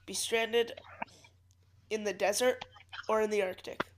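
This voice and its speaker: A woman's voice: mid-range voice, fairly even intonation, measured pace, a little hiss or hum. A young woman co-hosting a podcast in casual chat, teasing the others and moving the game along. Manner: teasing, runs the questions. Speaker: podcast co-host.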